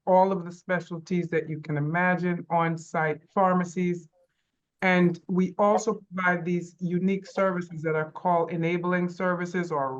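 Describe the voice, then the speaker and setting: A woman's voice: lowish voice, muffled recording. A woman on a panel explaining the healthcare services her organization provides, listing them point by point. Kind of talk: panel discussion answer.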